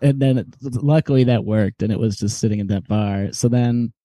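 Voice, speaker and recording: A man's voice: fairly low pitch, normal speed, no room sound. A young man co-hosting a podcast, telling a long story in casual chat, acting out the people in it and laughing often. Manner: animated storyteller, acts out quoted voices, laughs often. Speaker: podcast co-host.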